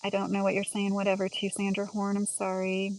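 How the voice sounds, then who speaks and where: A woman chatting casually on a livestream as she walks through her home and garden, rambling with lots of "like" and quick laughs. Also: mid-range voice, monotone, a little mellow, slight background noise, rough recording.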